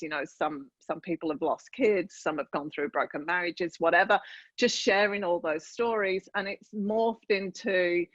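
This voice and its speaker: A woman in her fifties from northern England, chatting as a podcast guest over a remote call, lively and full of restarts. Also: on the low side, no echo, muffled recording. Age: 50s. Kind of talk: casual interview chat.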